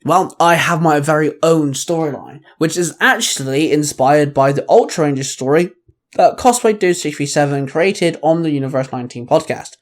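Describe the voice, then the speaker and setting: A man hosting his own channel and reading his fan fiction aloud at a measured pace. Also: on the high side. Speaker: host and fan fiction reader.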